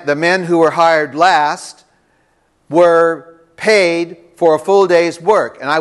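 A man preaching a sermon to a congregation, reading scripture and explaining it in an animated, conversational way with playful teasing. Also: fairly high pitch. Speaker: pastor. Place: church before a congregation.

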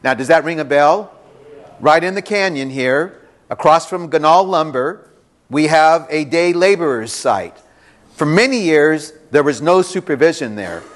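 A man preaching a sermon to a congregation, reading scripture and explaining it in an animated, conversational way with playful teasing. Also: a little high, unhurried. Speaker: pastor. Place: church before a congregation.

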